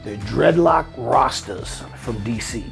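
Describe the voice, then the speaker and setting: Gravelly middle-aged man telling stories. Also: mid-range voice, slow pace, over music. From Miami. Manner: animated storytelling, laughing easily. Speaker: guest. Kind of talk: casual interview chat.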